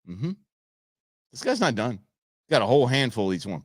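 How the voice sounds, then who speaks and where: A man hosting a show, giving playful, animated commentary over viral videos and talking back at the footage. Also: medium pitch, fast, no room sound, studio quality. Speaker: show host.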